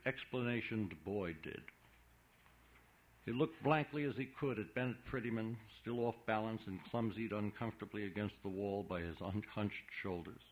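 A man narrating a literary audiobook in a measured, subdued reading. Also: fairly low pitch. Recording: dull lo-fi recording.

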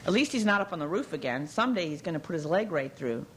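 A weary young caterer in a storybook reading, answering with wry, sardonic remarks in a low voice, as the woman narrator reads her. There is a bitter edge under her calm. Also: fast talker, slight background noise, close to an everyday voice, low-quality recording.

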